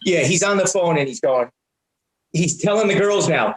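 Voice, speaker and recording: A man around sixty, a comedian guest telling animated stories and stumbling over repeated words. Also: a little high, normal speed. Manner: excitable, repeats and restarts words often. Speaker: guest, prank-call comedian and voice actor. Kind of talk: animated anecdotal storytelling. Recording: roomy echo.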